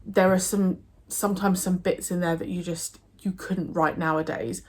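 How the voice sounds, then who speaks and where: With a fairly low, slightly mellow voice and fairly even intonation, this young English book vlogger talks through what she's read at a moderate pace. It's an easygoing, enthusiastic review chat, peppered with fillers and false starts.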